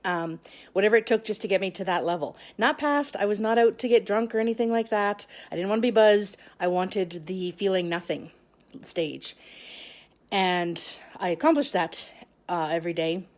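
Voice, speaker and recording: Halting, emotional woman vlogger. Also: mid-range voice. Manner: halting, with frequent restarts and long pauses. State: emotional, close to tears. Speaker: vlogger sharing a personal story. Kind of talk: personal confessional talk to camera.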